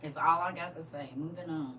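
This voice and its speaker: Woman host, bright tone, preachy rhetorical talk, set back from the mic with faint hum. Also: deep voice, fairly even intonation, fairly quick, recorded from a distance. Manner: preachy, rhetorical questions, swings from loud to quiet. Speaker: host reading and commenting on scripture. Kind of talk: casual livestream commentary.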